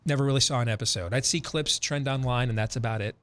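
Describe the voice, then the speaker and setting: Emphatic, animated male talk host. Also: medium pitch, fast. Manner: emphatic, animated storytelling with repetitions. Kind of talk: opinionated radio talk.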